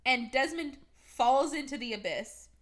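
A young woman hosting a podcast, casually recapping a movie with sarcasm, lots of fillers and quick quoted voices. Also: high voice, expressive, a bit bright. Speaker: podcast host.

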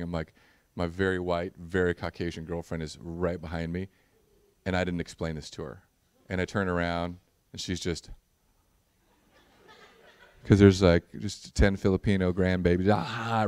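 A man's voice: sits low, smooth, no room sound. A man in the role of pastor, preaching a conversational sermon that mixes humorous storytelling with earnest prayer.

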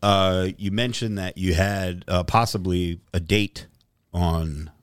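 A man hosting a podcast, asking probing questions in a halting, casual way. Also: low voice, fairly even intonation, smooth. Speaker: podcast host. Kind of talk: casual chat.

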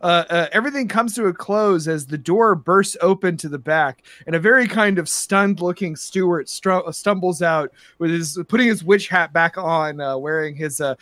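Man, game master, tabletop narration, rambling with fillers, higher voice, dry sound. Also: moderate pace, hardly any pauses, a bit bright, no echo.

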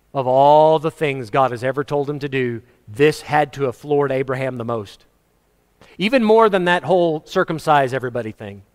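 A man preaching a sermon to his congregation in a conversational way, chuckling and acting out quotes. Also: medium pitch. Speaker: pastor. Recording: long hall reverb.

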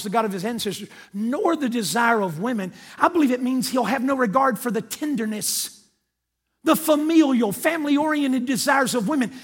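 A man's voice: extremely high pitch, a bit bright, slightly rough. An older man preaching a sermon, emphatic and calling out to his congregation, mixing scripture reading with personal stories. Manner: storytelling with quoted dialogue. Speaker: pastor.

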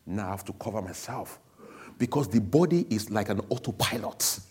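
A man's voice: fairly low pitch, animated, moderate pace, a little mellow, breathy edge. A man giving a candid, emotional personal testimony to an audience, speaking bluntly.

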